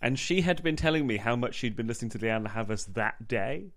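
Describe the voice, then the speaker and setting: Lively man telling stories. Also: fairly quick. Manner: animated anecdote-teller, acts out voices with big pitch jumps. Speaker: comedian and musician guest. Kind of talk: casual chat.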